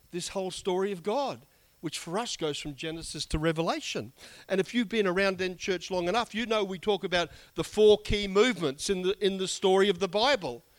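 A pastor with a high, hoarse voice delivers a sermon, clearly losing his voice as he goes. He keeps it conversational yet emphatic, slipping in asides and chuckles.

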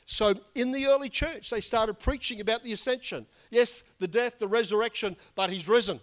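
A man's voice: high voice, normal speed. A man preaching a conversational, earnest sermon while losing his voice. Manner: earnest, conversational preaching with frequent "you know". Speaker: pastor.

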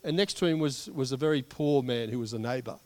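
A man voicing an ancient prophet who tells a pointed parable in a measured, plain way. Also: medium pitch, darkish tone, close to an everyday voice. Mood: earnest. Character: earnest ancient prophet, calm and pointed storyteller.

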